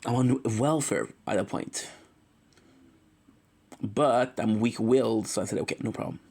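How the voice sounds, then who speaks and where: A man's voice: medium pitch, slow pace, vocal fry, a little mellow. A man talking on his livestream, rambling and emotional as he tells a story and keeps correcting himself. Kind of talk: confessional livestream chat.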